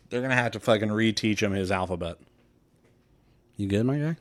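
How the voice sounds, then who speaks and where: A man's voice: lowish voice, normal speed, dry recording. A young man co-hosting a podcast, recapping a film in casual, profane chat full of laughs and tangents. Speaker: podcast co-host. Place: room with many windows.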